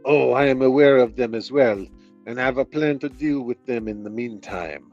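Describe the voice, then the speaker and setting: A man's voice: mid-range voice, normal speed, darkish tone, close to an everyday voice. A man voicing a smug, scheming male mercenary commander with a put-on French accent, giving cold orders. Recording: dull lo-fi audio, faint music.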